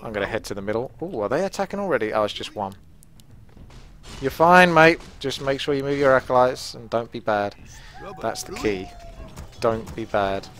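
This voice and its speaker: A man's voice: mid-range voice, expressive, moderate pace, a bit bright. A man hosting his own gaming channel, giving chatty, self-mocking play-by-play commentary. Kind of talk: live gameplay commentary.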